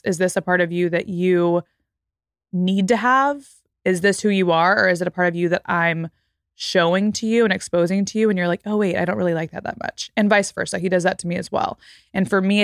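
Thirty-year-old woman podcaster, candid chatty delivery, lower voice, dead-dry booth. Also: dry recording. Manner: reflective, candid, frequent "like" fillers. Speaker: podcast host. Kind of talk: casual solo podcast talk.

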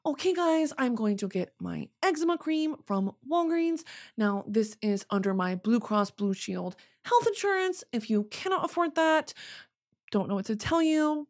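A woman's voice: sits high, expressive, a little slow, voice pushed up. A woman doing a breezy airhead influencer voice. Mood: mock-sweet. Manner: mock-sweet parody voice. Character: vapid young female influencer, breezy and oblivious. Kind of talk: comic impression bit.

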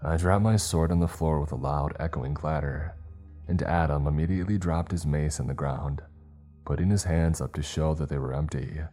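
A man reads a horror story in a slow, grave, measured way. His voice is extremely deep and dark, with faint music playing beneath. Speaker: narrator. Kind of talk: scripted horror story narration.

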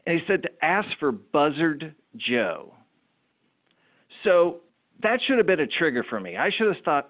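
Middle-aged male business-owner guest, lively anecdote-teller who stumbles over repeated words, heard through a thin phone-like line. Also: on the high side, measured pace. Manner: animated, repeats words while telling anecdotes. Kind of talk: interview storytelling. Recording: phone-like narrow sound.

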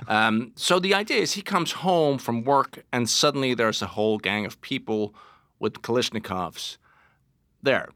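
A Danish-accented man tells animated stories as an interview guest, often restarting his sentences. His voice is bright and forceful, and the studio sound is dry and close. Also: medium pitch, measured pace, no echo. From Denmark. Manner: animated anecdotes with many restarts and laughs. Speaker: actor guest. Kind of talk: casual interview storytelling.

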